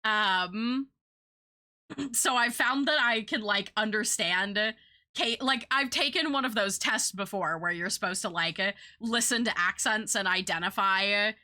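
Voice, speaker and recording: A woman's voice: mid-range voice, measured pace, bright, forceful tone. A young woman streaming, chatting casually with her viewers in a rambling, talkative way and swearing now and then.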